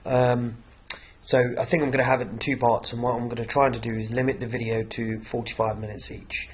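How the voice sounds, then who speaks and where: A man with a croaky voice from a cough, teaching an exam revision lesson and peppering his talk with "okay". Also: medium pitch, flat delivery, brisk, slight background noise. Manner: repeats "okay" and "obviously" often.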